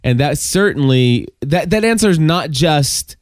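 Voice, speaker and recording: A man hosting a podcast in casual chat, animated and prone to restarts. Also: a little high, measured pace, no room sound, clean studio sound. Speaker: podcast host.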